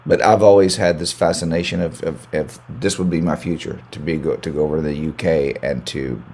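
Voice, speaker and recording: A man's voice: a bass voice, fairly even intonation, fairly quick, darkish tone, a little hiss or hum. An American man, a country singer, chatting as a guest in an interview, rambling and repeating words as he restarts his sentences. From United States. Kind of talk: casual interview chat.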